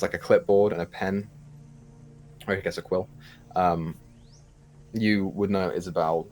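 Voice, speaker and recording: A man with a lowish voice narrates a tabletop game as its dungeon master. He hesitates and fills gaps with ums as he describes the scene. Faint music plays in the background. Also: darkish tone. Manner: hesitant, filler-heavy narration.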